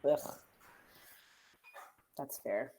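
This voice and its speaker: A woman's voice: drawn-out words, mellow, a little hiss or hum. A woman playing a tabletop game, bantering in character and hesitating through lots of filler words.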